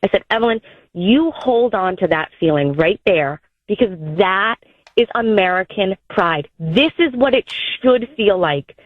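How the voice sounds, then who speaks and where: A woman's voice: mid-range voice, lively intonation, a little slow, dry recording. A woman in her thirties calls in to a radio show and talks chattily from the heart. Her voice comes through a tinny phone line. It sounds dry, with no room around it. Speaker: caller. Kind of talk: call-in over the phone.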